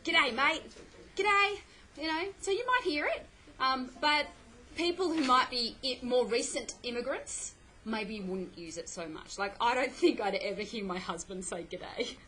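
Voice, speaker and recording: A woman's voice: on the high side, animated, normal speed, a bit bright, poor audio. A middle-aged woman teaching a play in a classroom, explaining patiently and often checking "okay?" with her students. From Australia. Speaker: English teacher.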